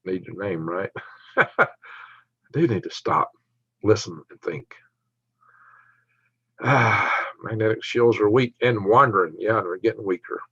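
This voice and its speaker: A man with a Southern twang hosting a casual livestream, talking quickly, joking and laughing often as he reads viewer comments. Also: on the low side, fairly bright tone, slightly rough, no echo. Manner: fast talker, laughs often, jokey. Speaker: livestream host. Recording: dry, dull lo-fi stream audio.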